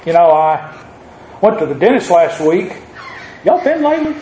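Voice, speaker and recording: A man preaching a sermon, reading scripture slowly and then asking the congregation questions with a joke or two. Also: high voice, sing-song, mellow, echoey room, a little hiss or hum, rough recording. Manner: reads scripture slowly, then jokes and asks the crowd questions.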